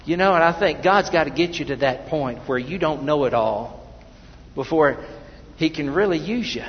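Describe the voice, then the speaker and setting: Pastor preaching in an echoey church. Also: male voice, on the high side, animated, normal speed, muffled recording, a little hiss or hum. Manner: conversational preaching with personal stories and repeated restarts. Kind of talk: sermon.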